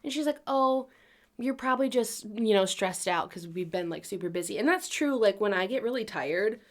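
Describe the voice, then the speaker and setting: A woman's voice: mid-range voice, expressive, fairly quick. A young woman co-hosting a podcast, chatting casually, giggling often and swearing offhandedly. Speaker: podcast co-host. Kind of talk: casual chat.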